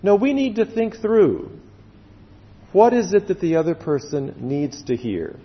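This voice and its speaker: A male pastor preaches in a slightly high, very lively voice, leaning on slow, drawn-out words and then falling quiet. The sound is dull and carries a long hall reverb. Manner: earnest, with slow drawn-out emphasis and sudden drops to quiet. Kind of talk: sermon.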